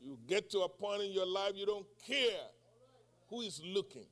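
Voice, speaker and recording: His voice is high-pitched, expressive and fairly bright, at a moderate pace, as this man in his sixties preaches. He asks the congregation call-and-response questions and cries out in prayer.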